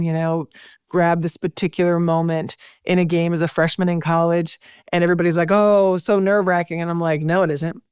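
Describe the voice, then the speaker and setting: A middle-aged woman, a podcast guest, telling lively stories and acting out the voices she quotes. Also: lowish voice, clear, resonant tone, no echo, clean studio sound. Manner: animated storyteller, acts out quoted voices. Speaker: podcast guest, broadcaster and speaker. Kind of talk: conversational interview.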